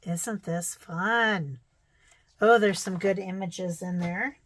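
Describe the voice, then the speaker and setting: This middle-aged woman, a vlogger with a Midwestern American accent, speaks slowly with a fairly low pitch as she flips through old quilting magazines. She muses aloud casually, with fillers and small exclamations, and the audio quality is poor.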